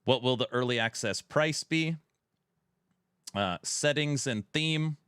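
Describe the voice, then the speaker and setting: A man hosts a gaming podcast as a streamer from his home, joking with chat and reading community questions aloud in a casual voice that sometimes gets louder. His voice is medium-pitched, smooth, and fairly bright, and he takes his time. A headset mic captures clean, dry, studio-quality sound.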